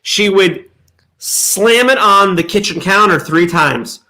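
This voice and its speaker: A man telling a lively childhood story in casual chat, acting out the sounds and voices. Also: high voice, takes it slowly. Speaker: co-host.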